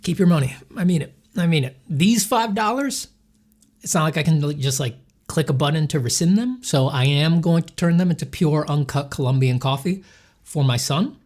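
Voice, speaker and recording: His voice sits fairly high, with lively intonation, a moderate pace and a darkish tone. He is an artist chatting on stream as he draws, joking, rambling, poking fun at himself, thanking supporters and answering chat.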